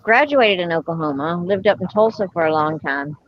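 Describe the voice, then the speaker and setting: A woman's voice: lowish voice, expressive, brisk, a little hiss or hum. Older Southern-accented woman, lo-fi. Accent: Southern US country. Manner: laughing, easygoing. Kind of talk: casual online livestream chat.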